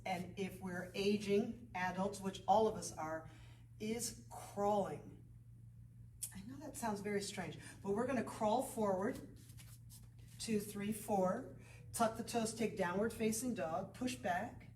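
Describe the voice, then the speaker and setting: A woman's voice: mid-range voice, reverberant, far from the mic, a little hiss or hum, rough recording. A woman yoga instructor leading a beginner class, counting out breaths and moves and adding encouraging asides.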